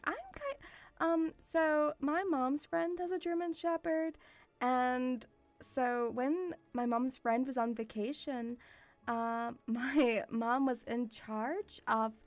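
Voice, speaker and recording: A woman's voice: sits high, dry recording. A young woman from Russia, streaming casually, reading viewer messages and calling the viewer sweetie, with frequent giggles.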